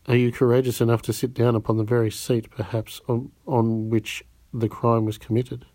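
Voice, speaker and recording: A man's voice: medium pitch, flat delivery, normal speed, mellow, no room sound, natural voice. A man voicing a poised, sly society lady in a cool, pointed way.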